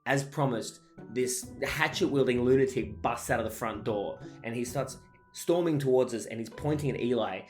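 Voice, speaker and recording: A man in relaxed podcast chat, telling stories about his father and laughing easily. His voice sits at an ordinary pitch, with soft music faint behind him. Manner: animated, laughs often while telling family stories. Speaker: podcast co-host. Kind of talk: casual storytelling chat.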